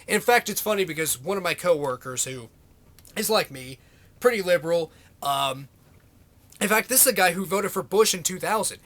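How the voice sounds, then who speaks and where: A man's voice: high-pitched, animated, moderate pace, a bit bright. A man ranting to camera in a vlog, sarcastic, exasperated and swearing freely. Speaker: vlogger. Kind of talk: political rant to camera.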